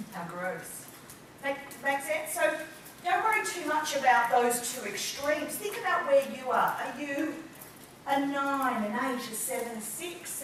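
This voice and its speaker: A woman trainer teaching a live workshop, animated and acting out the people she talks about. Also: sits high, a little hiss or hum. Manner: lively, acts out quoted people. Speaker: business trainer. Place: large room with an audience. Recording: echoey room, mic far off.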